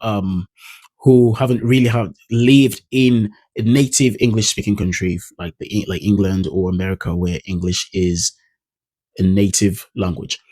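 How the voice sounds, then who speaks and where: Husky-voiced Nigerian man explaining accents. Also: fairly low pitch, little pitch movement, unhurried, dark tone, no echo. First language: Idoma. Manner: thoughtful, explains with spoken pronunciation examples. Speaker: pronunciation coach. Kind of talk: casual explanatory talk to camera.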